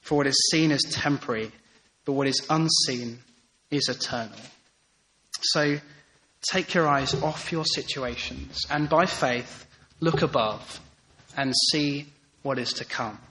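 A man preaching a sermon in a church, speaking earnestly, repeating key phrases and softening to a hush on tender lines. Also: medium pitch, unhurried, slight background noise, rough recording. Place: church hall.

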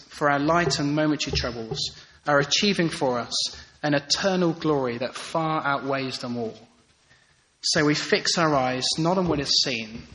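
A man preaching a sermon in a church, speaking earnestly, repeating key phrases and softening to a hush on tender lines. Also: medium pitch, poor audio. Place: church hall.

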